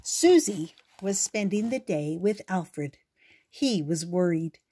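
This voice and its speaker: An older woman reading a children's picture book aloud in a gentle, expressive storytelling voice. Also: lowish voice, slow, breathy edge.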